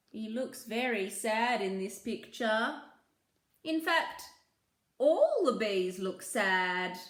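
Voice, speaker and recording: A woman reading a children's picture book aloud, slow and gentle, with asides about the pictures. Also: fairly high pitch, big pitch swings, echoey room. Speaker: children's story reader.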